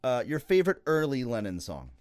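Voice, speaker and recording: A male podcast host asking quick questions in a playful, relaxed way. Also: mid-range voice, no room sound. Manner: playful, runs rapid-fire questions. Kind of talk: podcast interview.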